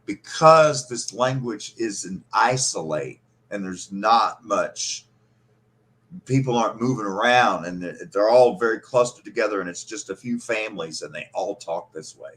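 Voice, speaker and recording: A man's voice: on the low side, expressive, normal speed, fairly bright tone. A man from central Kentucky, hosting a casual podcast chat and rambling animatedly through stories and imitated regional words. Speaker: podcast host.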